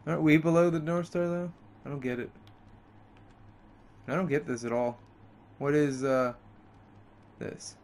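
A man's voice: fairly even intonation, a little slow, long pauses, a little mellow. A man playing a video game and commenting on it, frustrated and swearing a lot, his voice jumping up when he snaps. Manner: frustrated, heavy swearing, pitch jumps up in outbursts. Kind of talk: let's play commentary.

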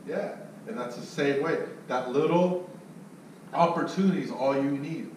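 A man's voice: mid-range voice, moderate pace. A man telling a sales story and coaching others, cursing freely and acting out the people in it. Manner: profane, animated storyteller who acts out voices. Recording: echoey room, distant mic, faint noise.

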